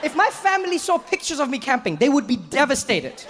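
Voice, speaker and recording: A man doing relaxed stand-up comedy, chatting with the crowd and acting out his friends' voices. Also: very high-pitched, brisk, long reverb tail, slight background noise. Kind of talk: stand-up storytelling.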